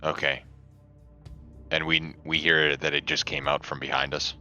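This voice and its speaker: A man's voice: a bass voice, level tone, measured pace, pushed and bright, faint music behind. A man playing a tabletop role-playing game, casual and decisive about his character's moves. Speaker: player. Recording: dull lo-fi mic.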